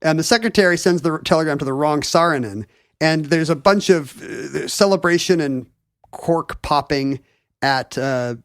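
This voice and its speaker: Chatty, joking man with a higher voice. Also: moderate pace, smooth, no echo, studio quality. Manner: joking, playful, laughs often. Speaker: podcast co-host. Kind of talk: casual chat, storytelling.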